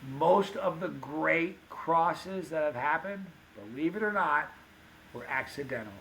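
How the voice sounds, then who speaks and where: A man telling stories on a podcast, animated and acting out the dialogue of the people in them. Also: a little high, unhurried, creaky, slight background noise, rough recording. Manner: animated anecdote-teller, acts out quoted dialogue. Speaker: podcast guest, pepper show host. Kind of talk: casual storytelling.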